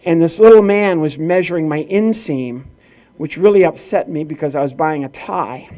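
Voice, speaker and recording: This middle-aged stand-up comic hails from rural Illinois in the Midwest and is performing at a corporate event, telling stories full of acted-out dialogue. His tone is dark, his pitch on the high side, his pace moderate.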